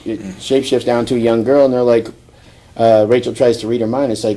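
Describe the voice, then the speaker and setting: A man hosting a podcast, loosely recapping a comic book plot with many fillers, chuckling and slipping into quick character voices. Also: mid-range voice, steady tone, dark tone. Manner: rambling, acts out quotes, chuckles often. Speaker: podcast host. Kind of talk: casual comic book review chat.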